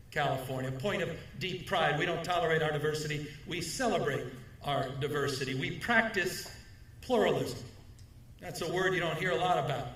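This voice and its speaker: A middle-aged man giving a formal speech at a podium, leaning on emphatic repetition and a measured rhetorical delivery. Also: fairly high pitch, fairly bright tone, slight background noise. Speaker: governor giving an award speech. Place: large hall, speaking at a podium. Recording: echoey hall, mic at a distance.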